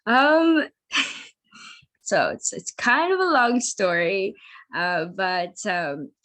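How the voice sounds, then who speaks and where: A woman's voice: medium pitch, drawn-out words, fairly bright tone. A woman speaking as a bride on a video call, reading her wedding vows hesitantly with many ums. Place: at home late at night.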